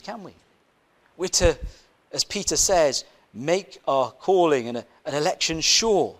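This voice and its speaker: A man preaching a sermon in an easy, conversational way, weaving in a personal story. His voice sits a little high and swings up and down a lot. He keeps asking his listeners questions and circles back over his own phrases. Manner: conversational, asks the congregation rhetorical questions, repeats phrases.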